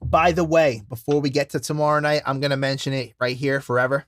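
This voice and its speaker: A young man hosting a wrestling podcast, telling stories in a loud, profane, casual way. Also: mid-range voice, steady tone, quick pace, dry recording. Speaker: podcast host. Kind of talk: casual chat.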